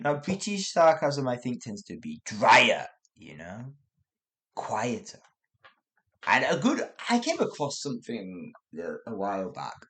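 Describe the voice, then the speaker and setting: A man giving a casual spoken English lesson, chatty and often correcting himself as he explains. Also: mid-range voice. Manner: chatty, self-correcting, lively intonation. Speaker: English teacher.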